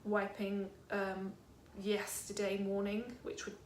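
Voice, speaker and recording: A woman's voice: mid-range voice, completely flat delivery, slow pace, slight background noise. A young British woman vlogging in casual chat at home, rambling and hesitant, with many ums. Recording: echoey room.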